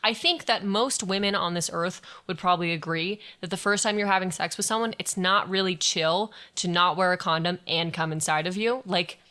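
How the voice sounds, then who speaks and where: Young woman guest, blunt storytelling with lots of swearing, bright forceful voice. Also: fairly low pitch, moderate pace, hardly any pauses. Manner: frank, swears freely. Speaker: guest sharing her story. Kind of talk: candid personal storytelling.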